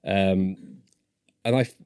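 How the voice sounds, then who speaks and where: A man's voice: deep voice, steady tone, takes it slowly, a little mellow, smooth, no echo, clean studio sound. A man from northern England in his forties, a podcast guest telling stories casually and animatedly, swearing and acting out voices. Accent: Northern English. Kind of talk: casual storytelling.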